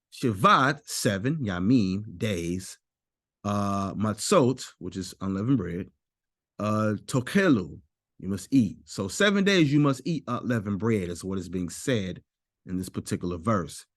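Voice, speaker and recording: A man teaching a Bible lesson while sharing his screen, slowly repeating and stressing Hebrew words. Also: on the low side, expressive, fairly bright tone, no echo, clean studio sound. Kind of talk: screen-share scripture lesson.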